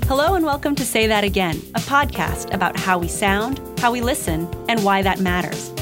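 A woman's voice: mid-range voice, animated, moderate pace, loud music behind the voice. Woman co-hosting a podcast. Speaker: podcast co-host. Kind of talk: scripted podcast narration.

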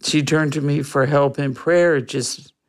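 Speaking at a middle pitch with a steady tone, an interview guest tells a personal story in a reflective, earnest manner. The telling unfolds slowly and without hurry, punctuated by gentle laughter.

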